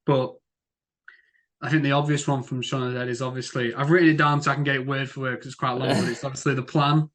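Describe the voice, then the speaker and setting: A man's voice: mid-range voice, little pitch movement, quick pace, fairly bright tone. A young man co-hosting a casual film podcast, rambling with lots of fillers. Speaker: podcast co-host. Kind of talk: casual film-review chat.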